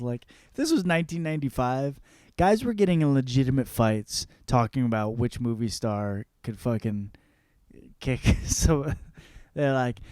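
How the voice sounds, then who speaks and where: A man's voice: mid-range voice, animated, a little slow, mellow, no echo, studio quality. A man in his thirties hosting a podcast, talking through listener comments in a loose, profane, rambling way and laughing at his own jokes. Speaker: podcast host. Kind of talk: casual comedic monologue.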